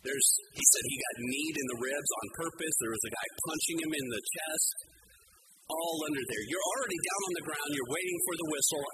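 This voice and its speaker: A man's voice: on the high side, heavy background noise. A man preaching a sermon as pastor, telling stories with animation and acting out the quoted voices.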